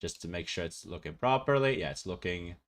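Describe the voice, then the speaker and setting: A man's voice: sits low, expressive, brisk. A male VTuber streamer chatting casually, rambling and laughing often.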